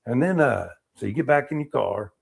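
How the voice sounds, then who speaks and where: A middle-aged man, an Army veteran, telling war-era stories in a casual interview, animated and acting out what people said. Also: medium pitch, brisk, vocal fry, slightly rough. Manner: animated storyteller, acts out quotes, laughs.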